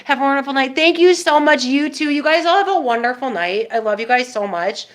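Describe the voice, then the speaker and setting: A woman's voice: high voice, fast talker, a bit bright. Emotional woman chatting to her stream. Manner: emotional, heartfelt, rambling with many fillers. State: nasal infection. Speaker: live streamer. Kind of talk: casual livestream chat to viewers.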